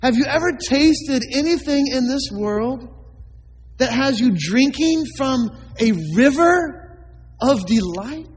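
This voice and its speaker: A man's voice: very high voice, lively intonation, slow, husky, long reverb tail, rough recording. A man preaching a sermon as a pastor, emphatic, with many rhetorical questions to the congregation.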